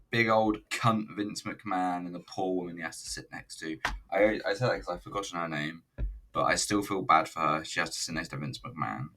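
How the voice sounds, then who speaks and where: A man's voice: fairly low pitch, bright, forceful tone, distant mic, a little hiss or hum. A man casually reviewing an old wrestling event, rambling, swearing and joking as he watches. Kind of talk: casual video commentary.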